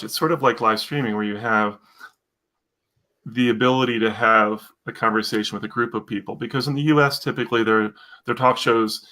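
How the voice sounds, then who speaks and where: A man's voice: mid-range voice, bright, forceful tone. An American man co-hosting a live stream, chatting casually in a rambling way and reading out viewer comments. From United States.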